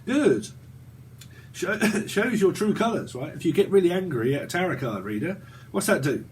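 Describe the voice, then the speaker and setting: A man in his forties with a British accent talks through a tarot reading in a loose, rambling way, swearing freely and breaking into laughter. His voice sits fairly high for a man. A faint noise runs under the recording. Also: expressive, moderate pace. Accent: British English. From Britain. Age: 40s. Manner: profane, rambling, laughs often. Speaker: tarot reader. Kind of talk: casual tarot reading monologue.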